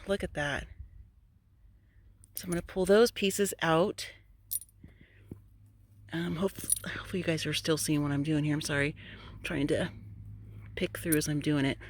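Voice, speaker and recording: A woman vlogging outdoors in bright sun on a phone she holds in one hand, gushing with excitement as she talks her viewers through it. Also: on the low side. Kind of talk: casual vlog while digging outdoors. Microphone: phone held in one hand.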